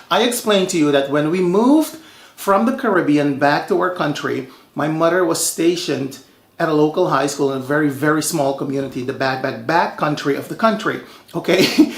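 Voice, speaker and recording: A man from Suriname hosting a home cooking show, telling stories in a lively, chatty way. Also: fairly high pitch, echoey room. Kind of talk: casual cooking show talk.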